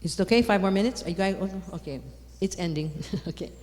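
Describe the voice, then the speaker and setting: Lively woman speaker with hall echo. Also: lowish voice, fast talker. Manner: lively, repeats for emphasis, rising to loud exclamations. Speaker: conference speaker. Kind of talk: animated talk on faith. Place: large conference hall. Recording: long hall reverb.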